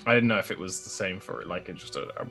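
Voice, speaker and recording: A man's voice: sits low, animated, quick pace, fairly bright tone, faint music behind. A man playing a tabletop role-play game, talking casually and laughing often. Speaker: player.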